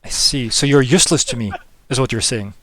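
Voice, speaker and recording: A man's voice: mid-range voice, fairly quick, fairly bright tone, dry recording, close to an everyday voice. A man doing a menacing scheming lord.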